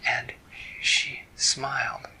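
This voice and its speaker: A man telling an improvised bedtime story in a soft, hushed voice, stopping to explain words. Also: extremely slow, whispered, rough recording.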